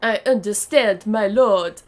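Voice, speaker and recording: A woman's voice: medium pitch, slow, natural voice. A woman voicing an eager male knight commander who speaks formally and deferentially to his lord. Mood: fawning.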